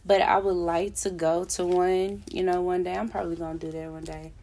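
A woman's voice: lowish voice, flat delivery, fairly quick, warm tone, poor audio. A woman co-hosting a casual podcast chat, loose and playful, swearing freely and stringing fillers together. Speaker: podcast co-host.

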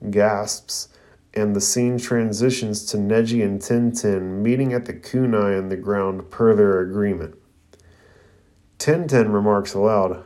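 A man's voice: fairly low pitch, a little mellow. A man reviewing an anime episode, retelling the scenes in casual recap narration. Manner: retelling scenes with "you know" and "uh" fillers.

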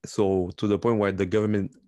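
A young man co-hosting a relaxed podcast, trading jokes and rambling stories. His voice sits very low. The sound is dry and close, with no room around it. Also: brisk, no room sound. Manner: joking, rambling storyteller. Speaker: podcast co-host. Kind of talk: casual chat.

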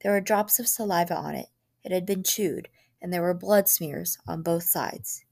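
A woman narrating a short story aloud in a calm, measured way. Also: fairly low pitch, vocal fry. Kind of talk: storybook reading.

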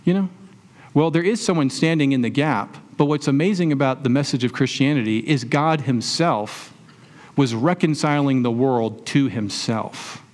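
A man's voice: mid-range voice, moderate pace. Conversational man preaching a sermon. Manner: conversational preaching with rhetorical questions and everyday examples. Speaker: pastor.

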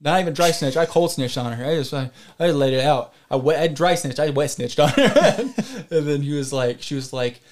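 A man's voice: fairly high pitch, animated, a little fast, hardly any pauses. A man co-hosting a podcast, telling a long story in casual chat, rambling and digressive, with some swearing. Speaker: podcast co-host.

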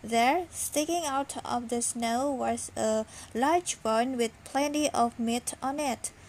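A sleepy woman reads a bedtime story aloud for her podcast, gentle and unhurried, with small slips along the way. Her voice sits a little high. Faint room ambience lingers underneath. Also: a little hiss or hum, rough recording. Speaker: podcast host reading stories.

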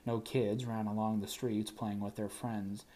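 A man narrating an audiobook in first person, wry and even. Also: fairly low pitch, a little slow.

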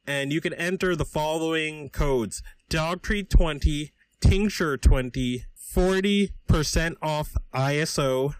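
A man's voice: on the high side, dry recording. A man hosting a podcast, reading out support links, codes and contact details. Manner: reads out addresses and codes slowly. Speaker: podcast host. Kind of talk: reading sponsor and support notes.

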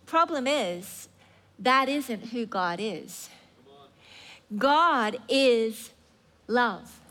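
Woman preacher, sermon, earnest, emphatic repetition, high voice, slow delivery. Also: expressive, bright, forceful tone.

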